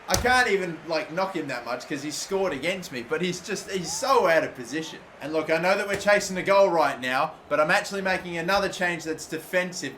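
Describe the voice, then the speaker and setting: A young man from Australia commentating his own football video game, swearing constantly and erupting into shouts when a play goes wrong. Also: a little high, slight background noise. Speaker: gaming YouTuber. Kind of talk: live gameplay commentary.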